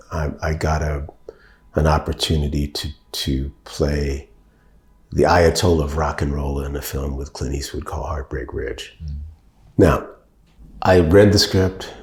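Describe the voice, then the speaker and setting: Older guy, dark mellow voice, slow thoughtful interview stories, livens up quoting folks. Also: rumbling low, echoey room. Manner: measured, thoughtful, animated when quoting. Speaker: actor and director, guest. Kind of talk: reflective interview storytelling.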